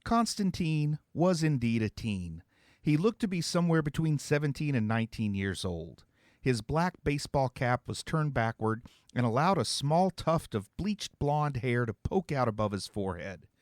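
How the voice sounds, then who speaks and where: A man reading his own novel aloud as an expressive storyteller. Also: mid-range voice, normal speed, no room sound, studio quality. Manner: expressive storytelling, voicing several characters. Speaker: author and narrator. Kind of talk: scripted narration.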